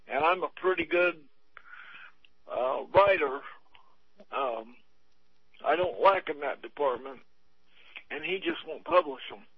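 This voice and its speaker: A man talking on a radio show, earnest and frustrated, pausing often with hesitations. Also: on the high side, dry recording, highs cut off. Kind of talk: talk radio chat.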